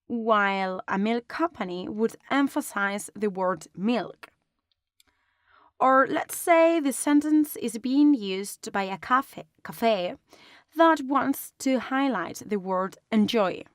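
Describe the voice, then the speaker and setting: Slow, calm woman teaching design. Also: on the high side, no room sound, clean studio sound. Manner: calm, step-by-step explaining. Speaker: design instructor. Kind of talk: online lesson narration.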